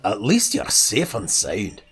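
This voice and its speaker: Brief: easygoing young hero, voiced by a male streamer close to his own voice, gentle and unhurried. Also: lowish voice, huge pitch swings, breathy edge, soft background music, pitched below the performer's own voice, full character voice. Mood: reassuring.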